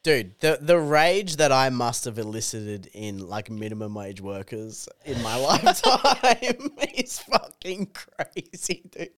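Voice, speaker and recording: A man's voice: medium pitch, very animated, slow pace, few pauses, a bit bright. A young man co-hosting a podcast, chatting casually and swearing freely. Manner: swears a lot, calls his co-host dude, jokey. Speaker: podcast co-host. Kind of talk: casual chat.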